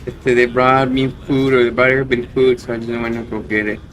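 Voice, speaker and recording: A man's voice: medium pitch, quick pace, dull audio. Man chatting, mixing Spanish in. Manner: mixes English and Spanish, relaxed. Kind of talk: casual chat.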